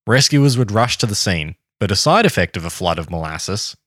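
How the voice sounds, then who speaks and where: Deep-ish man reading history, lively. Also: moderate pace, no echo, clean studio sound. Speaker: podcast host. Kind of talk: reading a history story to a co-host.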